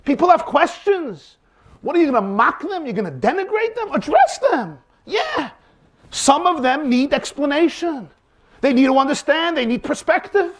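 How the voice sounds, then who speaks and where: A man's voice: very high voice, sing-song, normal speed. A man teaching as a rabbi, telling stories and asking rhetorical questions in a dramatic, emphatic way. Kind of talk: lecture on faith with acted-out anecdotes.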